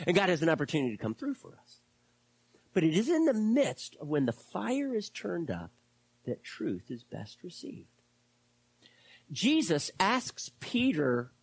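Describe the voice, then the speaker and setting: Pastor delivering a sermon, husky voice with a lively, swinging pitch; unhurried and dramatic. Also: no room sound. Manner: animated, repeats words, drops to a hush for quotes.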